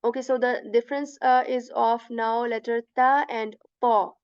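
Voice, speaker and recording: A woman teaching letter pronunciation step by step, patiently repeating each sound slowly and checking in with "right?". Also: a little high, fairly even intonation, clean tone, no room sound, lo-fi sound. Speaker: Quran recitation teacher.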